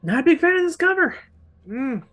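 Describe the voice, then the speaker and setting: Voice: sits high, sing-song, a little fast, a bit bright, faint music behind. A book club host giving a casual, opinionated video review, rambling and often restarting sentences.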